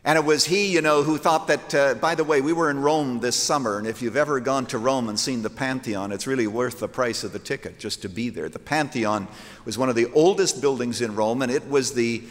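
A man's voice: medium pitch, brisk. A man preaching a sermon, emphatic and rhetorical, putting questions to his listeners and quoting scripture in old-fashioned wording. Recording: long hall reverb from a large room.

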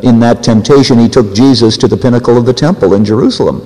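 A man preaching a sermon, acting out quoted voices and swinging his pitch up and down for emphasis. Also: fast talker, warm tone. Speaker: pastor. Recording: reverberant hall.

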